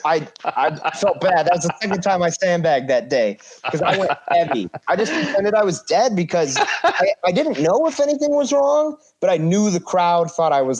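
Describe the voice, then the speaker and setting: A man guest on a podcast, telling a story in casual, animated talk, acting out quotes and swearing freely. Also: a little high.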